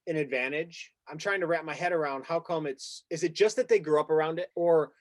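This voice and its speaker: A man hosting a casual talk show, retelling a story in a lively, excitable way and acting out what people said. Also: on the high side, a little fast. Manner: excitable, vivid retelling with acted-out quotes. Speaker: podcast host. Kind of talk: animated storytelling in casual conversation.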